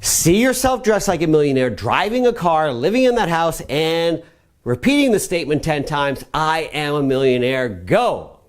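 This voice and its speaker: A middle-aged man teaching a motivational web lesson on personal growth, coaching the listener with energetic, repeated commands. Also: on the high side, moderate pace. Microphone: camera mic.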